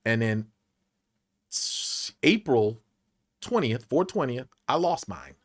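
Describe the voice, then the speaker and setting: Taking things slowly in a mid-range voice, a man in his forties appears as an actor guest in a podcast studio. He animatedly relates a personal story, performing the voices of everyone in it.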